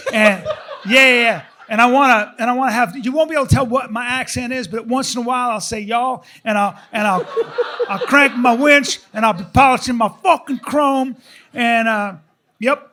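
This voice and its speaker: A man hosting a live podcast on stage, ranting in an excitable, profane, rambling way. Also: very high voice. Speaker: podcast host.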